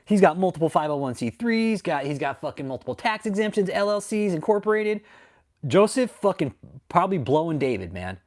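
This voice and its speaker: Man ranting and swearing on a livestream. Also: fairly high pitch. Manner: angry, profane ranting with sudden loud outbursts; reads and answers live chat. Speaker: livestream host. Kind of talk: profane livestream commentary.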